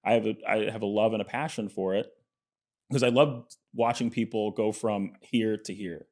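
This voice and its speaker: Animated man telling stories. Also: fairly low pitch, moderate pace. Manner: animated storyteller, acts out quotes; frequent fillers and restarts. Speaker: podcast guest, entrepreneur. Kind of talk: casual interview chat.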